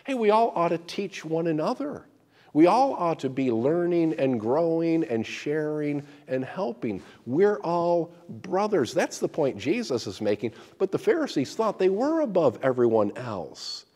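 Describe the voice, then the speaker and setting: A man's voice: on the high side, big pitch swings, moderate pace, a little mellow, big-room sound. A man preaching a sermon as pastor, emphatic and often repeating words as he restarts.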